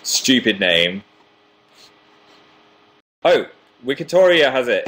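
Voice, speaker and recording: Young male livestream host, chatty and self-mocking, slightly low voice, reading fan comments. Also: expressive, normal speed, pauses often. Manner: chatty, self-deprecating, reads viewer comments aloud.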